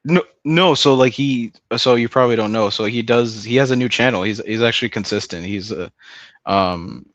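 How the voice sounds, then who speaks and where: A man's voice: mid-range voice, normal speed, no echo, lo-fi sound. A man chatting casually on a stream, rambling, swearing a lot and laughing often. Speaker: stream host. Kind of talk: casual chat.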